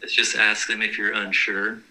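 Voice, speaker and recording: A man with a fairly low voice that sounds very bright and forceful tells his personal stories casually. His delivery stays flat and even, earnest and matter-of-fact. He plays it straight throughout. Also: normal speed, rough recording. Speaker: guest telling his vision stories.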